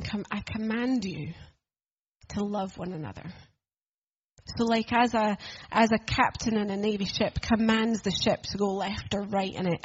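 Earnest, husky-voiced woman preaching. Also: medium pitch, a little mellow, lo-fi sound. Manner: earnest, conversational, asks the room questions. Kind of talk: sermon.

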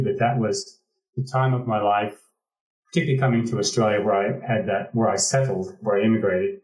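A man's voice: mid-range voice, a little mellow, reverberant, recorded from a distance, rough recording. An American man from the Pacific Northwest telling a reflective personal story, restarting phrases as he goes. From Pacific Northwest, United States. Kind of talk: conversational storytelling.

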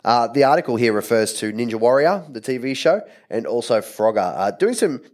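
A man's voice: mid-range voice, very animated, brisk, darkish tone. A young man co-hosting a podcast, chatting casually about industry news with rambling fillers. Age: young adult. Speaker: podcast co-host.

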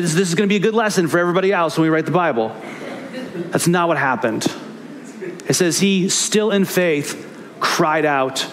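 A man's voice: medium pitch, slight background noise. A man preaching a sermon as pastor, earnest and emphatic, repeating key phrases for weight.

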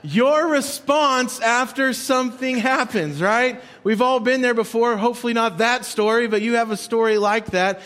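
A man's voice: very high voice, moderate pace, hardly any pauses, fairly bright tone. A male pastor preaching a sermon in a conversational storytelling way, repeating his key points.

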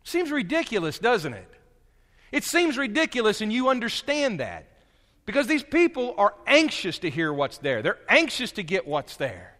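A man's voice: huge pitch swings, normal speed, pushed and bright. Man preaching in an echoing hall. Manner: dynamic, swings from low murmured asides to raised emphatic points. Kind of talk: sermon. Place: church sanctuary. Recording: long reverb of a large hall.

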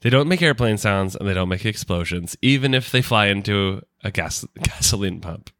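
A man co-hosting a casual movie podcast, animated and quick to laugh. His voice is bright and forward, captured dry and close on the mic. He riffs loosely and swears now and then. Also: lowish voice, no echo. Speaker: podcast co-host.

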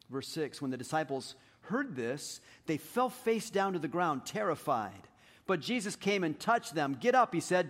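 A man preaching a sermon, telling stories in an animated, self-deprecating way and swinging between hushed and loud delivery. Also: a little high. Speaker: pastor. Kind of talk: sermon with storytelling.

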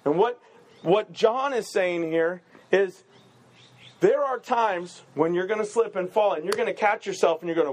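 A man pastor giving a casual, joking sermon, full of quick asides and rhetorical "right?" questions. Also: high voice.

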